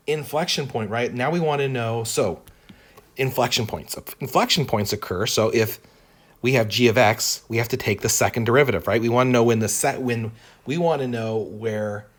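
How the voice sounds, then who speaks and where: Man teaching calculus, thinking aloud. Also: mid-range voice. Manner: thinks aloud, repeats words, asks "right?" often. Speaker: math teacher. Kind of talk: whiteboard calculus lesson.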